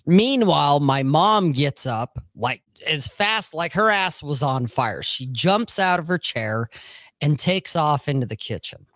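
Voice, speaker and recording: A man with a fairly high, very lively voice tells a story slowly in a casual podcast chat. He talks bluntly and swears freely, stopping often to ask "okay?". The sound is dry and close. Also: no room sound. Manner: blunt, profane storytelling with frequent "okay?" check-ins.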